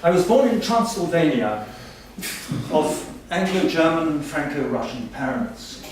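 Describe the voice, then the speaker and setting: A man's voice: fairly high pitch, expressive, unhurried, slight background noise. A man playing a pompous, boastful male language professor in a stage comedy sketch, heard from far off in an echoey hall. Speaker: comic stage performer.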